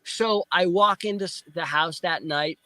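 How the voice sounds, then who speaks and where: A man recounts his experience with real excitement, acting out the noises and what he said at the time. His voice sits high and sounds bright and forward. The sound is close and dry, with no room around it. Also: a little slow, no echo. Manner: excitable, acts out sounds and quotes. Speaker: guest. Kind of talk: animated storytelling.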